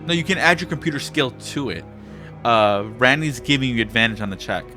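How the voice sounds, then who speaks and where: A man running a tabletop horror game as game master, his pitch rising and falling a lot. He explains rules in an easygoing, chatty way, with faint music underneath. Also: expressive, brisk, sharp tone. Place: home streaming setup.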